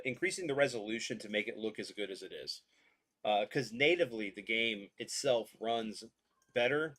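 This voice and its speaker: A man hosting a podcast livestream, chatting casually, greeting viewers and commenting on a game. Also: mid-range voice. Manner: relaxed, greets chat, laughs often.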